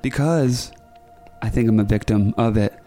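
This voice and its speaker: A man's voice: fairly low pitch, normal speed, mellow, faint music behind. A man co-hosting a podcast, chatting casually and earnestly, sometimes dramatic. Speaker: podcast co-host. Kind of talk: casual chat.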